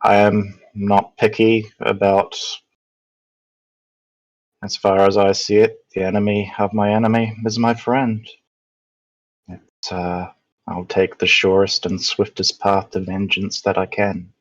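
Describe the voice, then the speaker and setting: A man voicing a grim, vengeful elf, low-voiced and deliberate. He speaks slowly and picks words with care. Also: little pitch movement, highs cut off. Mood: measured. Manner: slow, measured, hesitant. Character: vengeful male elf newcomer, reserved.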